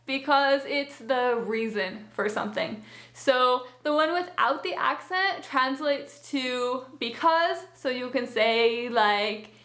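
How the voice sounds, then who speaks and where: High-voiced woman teaching slowly. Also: fairly bright tone, reverberant. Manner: patient, reassuring, step-by-step explaining. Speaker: language teacher. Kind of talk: explanatory language lesson.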